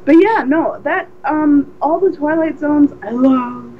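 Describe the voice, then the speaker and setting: A woman's voice: sits high, measured pace. A woman co-hosting a podcast in casual chat, telling stories with lots of energy and frequent restarts. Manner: animated storyteller, many restarts. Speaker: podcast co-host. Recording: dull lo-fi recording.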